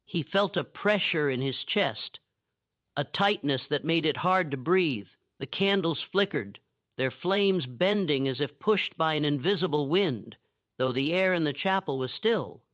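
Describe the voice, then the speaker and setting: Male narrator, solemn and measured storytelling, fairly high voice, dull dry recording. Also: expressive, fairly bright tone, dry recording. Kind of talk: scripted historical narration.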